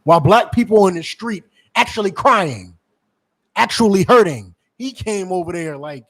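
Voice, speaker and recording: Man with a slightly raised pitch, as a fiery street preacher; heated, mocking, profane. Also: animated, moderate pace, fairly bright tone. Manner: heated, mocking, profane, calls for scripture readings. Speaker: preacher and teacher.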